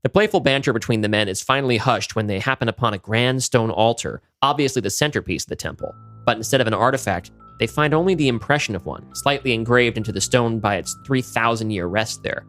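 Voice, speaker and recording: A man co-hosting a podcast tells a monster story vividly at a table read. His pitch sits in the middle, and soft music plays faintly behind him. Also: fast talker, hardly any pauses. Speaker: podcast co-host. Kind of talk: script table read narration.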